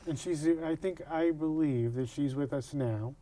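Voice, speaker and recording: A man interviewing a guest, asking earnest, halting questions. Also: a little high, dark tone.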